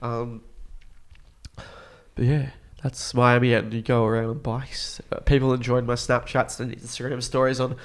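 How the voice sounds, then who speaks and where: A man's voice: mid-range voice, level tone, moderate pace. Laid-back young Australian man chatting. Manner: laid-back, slangy, trails off mid-sentence. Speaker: podcast co-host. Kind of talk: casual chat.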